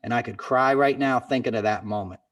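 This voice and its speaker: A man's voice: mid-range voice, brisk, far from the mic. A man hosting a podcast in casual chat, talking in an earnest, impassioned way that sounds like a pep talk. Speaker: podcast host.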